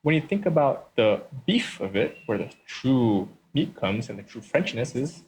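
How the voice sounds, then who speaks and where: A man's voice: medium pitch, big pitch swings, unhurried, over music, poor audio. A man hosting a let's-play, giving casual commentary and explaining his design choices step by step.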